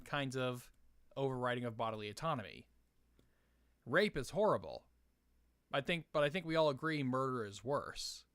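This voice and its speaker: Smooth-voiced man hosting a live stream. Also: medium pitch, a bit bright, no echo, clean studio sound. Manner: hesitant, many fillers and restarts. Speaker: live stream host answering chat questions.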